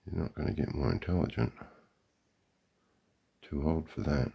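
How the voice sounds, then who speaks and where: A man's voice: very deep voice, moderate pace, gravelly, husky, lo-fi sound. An Australian man giving a sarcastic, profane running commentary outdoors beside a golf green. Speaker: vlogger.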